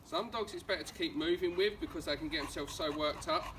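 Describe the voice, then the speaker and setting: On a street during a home visit, an Essex-accented dog trainer calmly coaches training steps and gives the dog short commands. His voice is on the high side and quick, captured by a distant outdoor camera with background noise.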